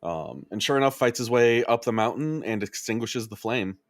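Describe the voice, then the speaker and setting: A relaxed man on a podcast panel sums up the plot of a game, speaking at medium pitch and normal speed. He says "um" and "uh" a lot and chuckles frequently. The recording is dry and studio quality.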